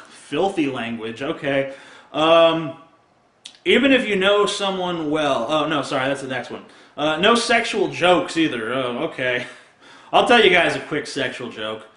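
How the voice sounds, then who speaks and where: A man with a somewhat high, forceful voice rants crudely and sarcastically straight to camera. He swears freely and laughs at his own jokes. The sound bounces around an echoey room. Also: animated, a little slow. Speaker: video blogger. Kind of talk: profane comic rant to camera.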